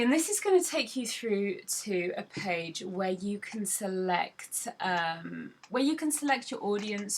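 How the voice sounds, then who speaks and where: A woman's voice: mid-range voice, husky. A woman who leads a sales team, talking viewers through a screen-recorded tutorial in a chatty, instructive way with a few "um"s. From United Kingdom. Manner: chatty, instructive, stops to think with "um".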